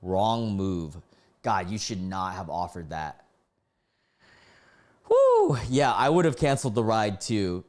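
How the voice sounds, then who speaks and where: A man's voice: deep voice, lively intonation, measured pace. A man streaming live, reading stories aloud and breaking off to react and greet his chat.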